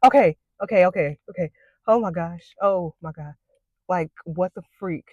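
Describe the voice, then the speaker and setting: A woman's voice: lowish voice, normal speed, darkish tone, no echo, muffled recording. A young woman vlogging to camera, panicky and squealing, with nervous laughs and plenty of "like" and "y'all". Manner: says "like" and "y'all" a lot. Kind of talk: casual to-camera vlog.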